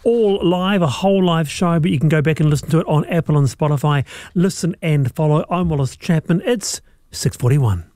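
A male radio host with a rather high voice runs a live panel show. He keeps things brisk and friendly, and the studio sound is close and dry. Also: warm tone, no room sound.

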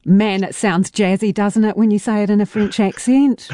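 A woman's voice: medium pitch, steady tone, moderate pace, warm tone, no room sound, studio quality. A woman hosting a radio interview, teasing and upbeat. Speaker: radio host. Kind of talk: casual interview.

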